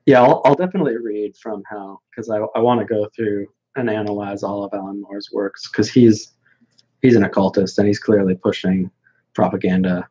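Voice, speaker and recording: A man's voice: lowish voice, dark tone, husky, highs cut off. A man hosting a casual livestream and answering viewer questions in a blunt, dismissive way, rambling with many fillers.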